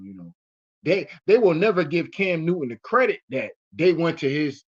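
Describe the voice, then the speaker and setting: Man host, slightly high voice, profane rambling storyteller, muffled lo-fi recording. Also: breathy edge. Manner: profane, rambling, lots of fillers. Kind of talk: casual commentary and storytelling. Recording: muffled lo-fi audio.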